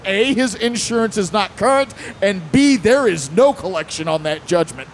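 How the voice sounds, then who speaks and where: A man with a fairly high voice tells a story on a convention panel. He is animated, acts out what people said, and laughs along the way. A faint hiss of noise sits under the recording.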